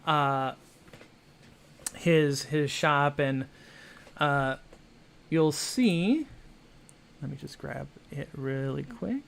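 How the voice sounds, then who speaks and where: A man with a bright, slightly high voice runs a tabletop game. He narrates in a loose, rambling way, circling back with "kind of" and "uh" between restarts. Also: extremely slow, vocal fry, long pauses. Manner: rambling, filler-heavy, with many restarts. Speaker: game master.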